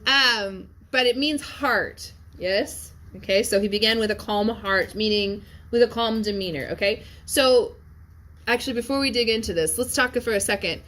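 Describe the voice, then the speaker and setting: A woman's voice: a little high, moderate pace, a bit bright. A woman teaching in a classroom, lecturing in a conversational way and often checking in with her listeners. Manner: conversational, keeps checking in with "yes?" and "okay?". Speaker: Latin teacher.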